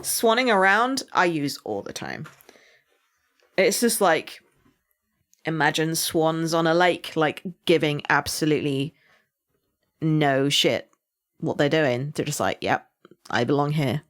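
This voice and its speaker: A woman from England with a Somerset accent, co-hosting a podcast in casual chat, animated and laughing often. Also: deep voice, slow, long pauses. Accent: Somerset English. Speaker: podcast co-host.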